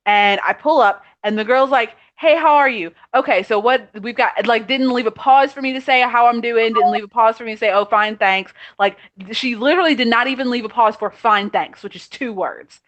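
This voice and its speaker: A woman's voice: on the high side, brisk, hardly any pauses, fairly bright tone. A woman co-hosting a casual chat over a video call, ranting in an exasperated way with lots of quoted asides. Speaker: podcast co-host. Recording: muffled video call audio.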